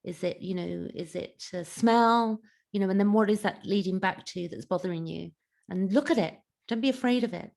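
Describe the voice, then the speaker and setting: Gravelly-voiced woman giving gentle advice. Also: mid-range voice, moderate pace. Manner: gentle, reassuring, with frequent restarts and "you know". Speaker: mentor and coach. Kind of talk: casual advice talk.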